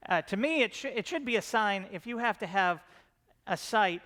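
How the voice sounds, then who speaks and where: A man's voice: sits high, lively intonation, normal speed, bright, forceful tone. A middle-aged man giving a casual, joking conference talk about his comedy show, self-deprecating and full of fillers and restarts.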